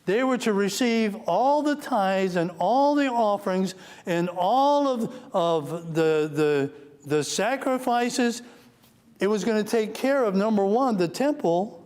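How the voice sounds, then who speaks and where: Male pastor teaching a church class, slightly high voice, earnest, slows for scripture and sinks quiet and grave. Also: animated. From United States. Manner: earnest, reads scripture slowly, drops to a low somber tone. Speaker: pastor teaching Sunday school. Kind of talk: Bible teaching sermon.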